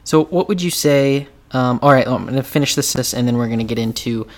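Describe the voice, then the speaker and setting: A woman with an unusually deep voice co-hosts a casual conversation. She recaps a story step by step and pauses on fillers as she goes. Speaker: podcast co-host. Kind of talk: casual chat.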